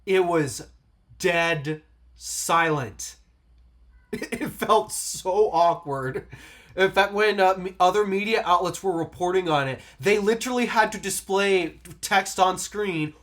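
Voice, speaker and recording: A man's voice: high voice, slow pace, fairly bright tone. A man co-hosting a casual tech podcast, telling stories with lots of laughter and emphasis. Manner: laughs often, storytelling emphasis. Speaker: podcast co-host.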